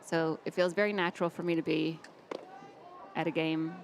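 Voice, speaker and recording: A woman in her forties with a Southern US accent, chatting and joking as a guest in a baseball commentary booth, sarcastic and quick to laugh. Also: sits low, steady tone, slight background noise. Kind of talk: casual chat in a commentary booth. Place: broadcast booth at a baseball stadium.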